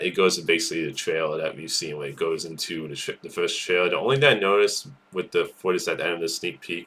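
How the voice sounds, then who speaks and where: A man's voice: low voice, a bit bright, a little hiss or hum. A man giving casual solo commentary as a movie news host, enthusiastic and rambling, with many restarts.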